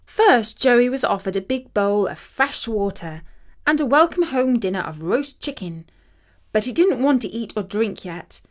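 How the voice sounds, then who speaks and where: A woman narrating a children's story in a measured, expressive way. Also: fairly high pitch.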